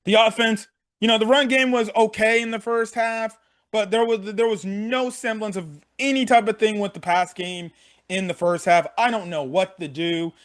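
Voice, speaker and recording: A young man with a notably high-pitched voice talks through a game recap in a loose, unscripted way. He swears freely and keeps restating his points as he goes. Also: fairly even intonation, moderate pace, a bit bright. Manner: frank, profane, repeats himself. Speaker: sports fan vlogger. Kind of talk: casual game recap rant.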